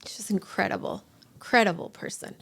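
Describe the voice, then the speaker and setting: Emotional woman with a creaky voice. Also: medium pitch, a bit bright, in a whisper. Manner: halting, with restarts and acted-out quotes. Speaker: guest. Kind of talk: emotional personal storytelling.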